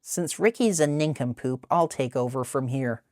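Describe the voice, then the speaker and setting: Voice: medium pitch, moderate pace, a little mellow, no room sound, studio quality, lightly acted. A webcomic artist voicing a smug, scheming half-rat, half-mouse male accountant who talks down to others. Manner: condescending, scheming.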